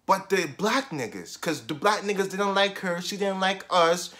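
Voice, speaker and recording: A young man recounting a school story in a loose, slangy vlog, his voice swinging widely up and down as he gets worked up. He sits a little higher than most men, and he flips between loud bursts and low, mumbled side comments. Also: normal speed. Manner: animated slangy storytelling with heavy swearing; jumps between loud outbursts and muttered asides. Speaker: vlogger telling a story.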